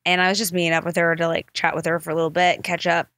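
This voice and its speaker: A woman hosting a podcast, telling stories in a casual, animated way, full of "like" fillers and swearing. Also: on the low side, very fast, no echo, clean studio sound. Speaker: podcast host. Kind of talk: casual storytelling chat.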